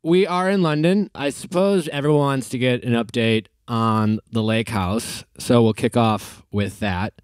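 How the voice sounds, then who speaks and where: A man in his forties with a mid-range voice hosts a casual podcast chat. He tells his story in an easygoing, halting way, restarting his sentences often. The sound is close and dry. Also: medium pitch, clean tone, dry recording. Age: 40s. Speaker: podcast host. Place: hotel room.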